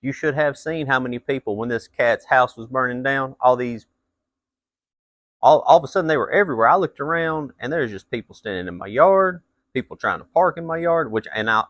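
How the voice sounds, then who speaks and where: A man's voice: medium pitch, bright, forceful tone, no echo. A man telling a blunt, profane story as a rant, his voice jumping up into heated outbursts. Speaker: vlogger.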